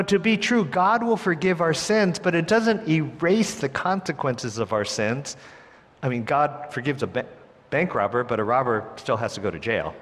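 Expressive male preacher in a reverberant hall. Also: fairly high pitch. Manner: expressive, swings between hushed and emphatic delivery. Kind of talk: sermon.

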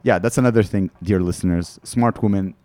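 Low-voiced man, rambling candid storyteller. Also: fairly quick, warm tone. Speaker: comedian guest. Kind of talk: casual podcast chat. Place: studio.

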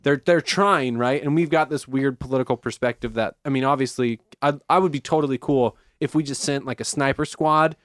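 A young man hosting a casual chat, animated and swearing freely as he acts out what others said. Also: medium pitch, a little fast, hardly any pauses, dry recording, studio quality.

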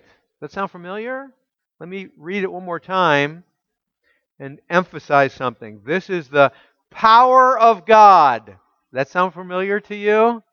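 A man preaching a teaching sermon, asking his listeners rhetorical questions and reading scripture aloud slowly with emphasis. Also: sits high, fairly bright tone, no room sound, lo-fi sound. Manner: asks the congregation rhetorical questions. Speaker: pastor.

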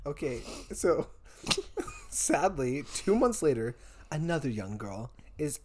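Lively giggly true-crime storyteller. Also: medium pitch, takes it slowly, slight background noise. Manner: laughs often, self-deprecating, tosses in crude jokes. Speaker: podcast co-host telling a true-crime story. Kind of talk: casual storytelling chat.

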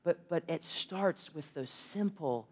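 A man's voice: fairly high pitch, animated, takes it slowly. A young man preaching a sermon, telling humorous, self-deprecating stories. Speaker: pastor.

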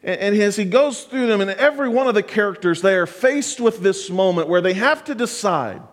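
High-voiced preacher in a reverberant hall. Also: male voice, animated, fairly quick, few pauses. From United States. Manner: earnest preaching, building to fervent exhortation. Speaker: pastor. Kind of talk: sermon.

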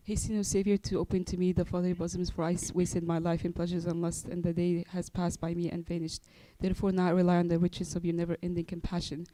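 Quick flat reading of prayers, mellow dark tone, dry close sound. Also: medium pitch, low-quality recording. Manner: quick, monotone reading with small stumbles. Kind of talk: reciting penitential prayers.

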